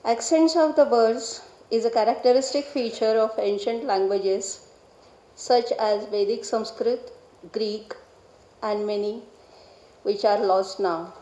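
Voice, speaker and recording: A middle-aged woman with an Indian English accent presenting an academic paper, measured and explanatory, stressing key syllables. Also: a little high, warm tone. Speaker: Vedic researcher presenting a paper. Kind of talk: academic lecture. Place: lecture hall. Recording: echoey hall.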